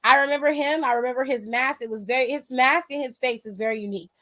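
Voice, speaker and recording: A woman's voice: high-pitched, fast, sharp tone. A woman hosting a wrestling aftershow, giving casual, emphatic, profane live-stream commentary and reading viewer comments aloud.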